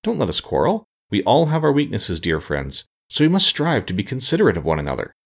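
A man voicing a kindly, wise male scarecrow king for a storybook reading, in a gentle, thoughtful manner. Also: lowish voice, huge pitch swings, a little fast, creaky, heavily acted. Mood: soothing.

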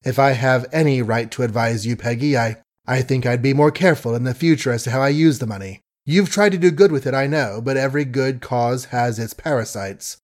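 A man reading an audiobook, voicing an earnest, honorable young man close to his own voice, measured and a little hesitant. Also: medium pitch, lightly acted. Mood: rueful.

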